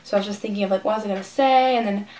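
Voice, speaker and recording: Teen girl rambling excitedly in a storytime vlog, says like a lot, mic a bit far off w/ faint hiss. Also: mid-range voice, very fast. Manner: gushing, rambling, many "like" fillers. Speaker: vlogger. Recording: distant mic with faint room noise.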